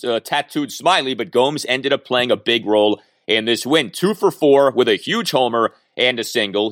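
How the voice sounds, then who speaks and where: Animated man talking baseball. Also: medium pitch, no room sound, clean studio sound. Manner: animated, emphatic. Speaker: baseball podcast co-host. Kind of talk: casual sports talk.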